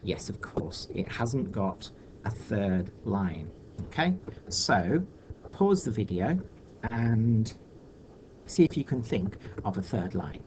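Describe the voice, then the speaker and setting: A man's voice: on the low side, sing-song, slow, a little mellow, a little hiss or hum. A man teaching a recorded video lesson for children, patiently talking through each step aloud.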